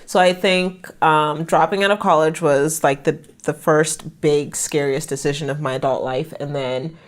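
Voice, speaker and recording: Young american woman, low voice, frank and animated, telling her story on a podcast. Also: normal speed. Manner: frank, animated retelling with laughter. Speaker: podcast guest, branding specialist. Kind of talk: candid conversational storytelling.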